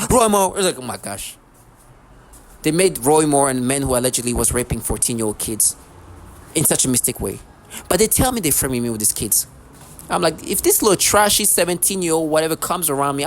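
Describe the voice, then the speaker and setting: A man speaks straight to his camera in a long, agitated ramble. He loops back over the same points, breaks off mid-sentence and swears freely. His voice sits at an ordinary middle pitch, with a faint hiss of noise behind it. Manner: agitated, repetitive, profane, many restarts. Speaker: vlogger.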